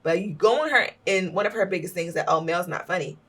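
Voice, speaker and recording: Fast, bright-voiced blunt woman. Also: on the low side, distant mic. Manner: blunt, profane, animated storytelling. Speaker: podcast co-host. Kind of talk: casual chat.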